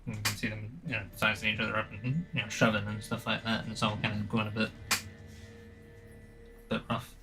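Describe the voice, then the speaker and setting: A man's voice: fairly low pitch, little pitch movement, fairly quick, pauses often, music in the background. A man narrating as game master in a rambling, casual way full of fillers.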